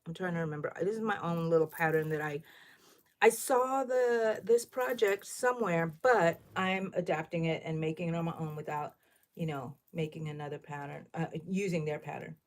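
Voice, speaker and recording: A middle-aged woman, chatting loudly and thinking out loud while she crochets on a livestream, asking her viewers questions. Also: low voice, moderate pace. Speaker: livestream host. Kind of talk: casual crochet livestream chat.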